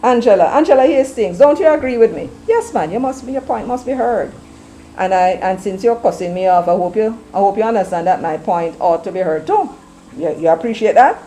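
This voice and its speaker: Jamaican woman host, forceful opinion talk, slips into patois, warm dark tone. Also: medium pitch, fairly quick, slight background noise, poor audio. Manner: emphatic, mixing patois into English. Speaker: commentary show host. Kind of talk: opinionated live-stream commentary.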